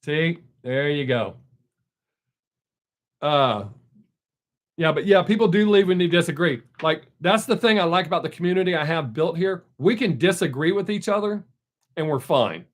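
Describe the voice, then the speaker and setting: A man's voice: a little high, animated, moderate pace, pauses often. A man hosting a casual live stream, answering viewer comments in a blunt, opinionated way.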